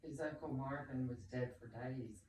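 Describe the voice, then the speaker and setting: A man's voice: mid-range voice, fairly even intonation, normal speed. A man with a Southern US accent, plainly explaining himself to a medium during a family reading. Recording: very echoey room from far off, noise.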